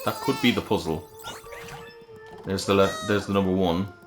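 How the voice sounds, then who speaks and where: A man's voice: low-pitched, normal speed. A man reviewing a video game in casual commentary, rambling and thinking aloud as he plays. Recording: roomy with faint game music. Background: game music.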